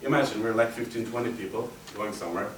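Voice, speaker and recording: A man giving a humorous speech at a speaking club, telling stories in a chatty, animated way. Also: lowish voice, fast. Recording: roomy echo, distant mic, faint hum.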